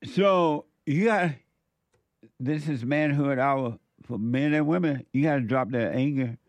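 On a studio mic with no echo, a call-in radio host preaches to listeners, lecturing emphatically and laughing often between points. His medium-pitched voice keeps a measured pace.

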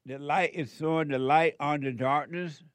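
A man's voice: fairly high pitch, fairly even intonation, moderate pace, no echo. A man hosting a call-in radio show, giving spiritual advice in a drawling, preachy way with frequent chuckles.

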